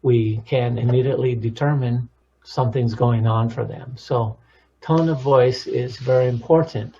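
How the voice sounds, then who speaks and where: A man talking as a counselor, teaching about relationships in a calm, measured way. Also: mid-range voice, husky, highs cut off. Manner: calm, measured, demonstrates tones of voice. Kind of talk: instructional talk on relationships.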